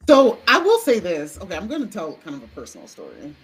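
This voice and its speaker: Expressive woman co-host, lively pitch. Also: fast, rough recording. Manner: chatty, expressive, rambling with fillers. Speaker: podcast co-host. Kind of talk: casual chat. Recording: faint background noise.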